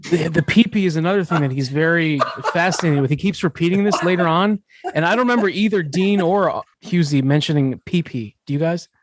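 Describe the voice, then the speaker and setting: A man's voice: on the high side, brisk, background noise. A man hosting a podcast, explaining in a casual, chatty way with fillers and restarts. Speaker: podcast host.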